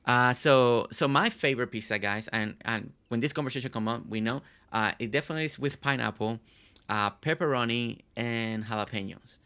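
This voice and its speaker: A man's voice: mid-range voice, brisk, sharp tone. A man from Puerto Rico hosting a casual game stream, chatting in a rambling way with lots of fillers. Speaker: streamer host.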